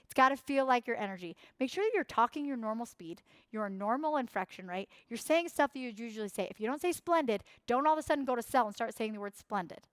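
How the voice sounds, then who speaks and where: Emphatic, high-voiced woman coaching a workshop. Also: expressive, fast, hardly any pauses, fairly bright tone, clear, resonant tone, dry recording. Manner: emphatic, repeats key phrases, acts out quoted voices. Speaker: workshop instructor.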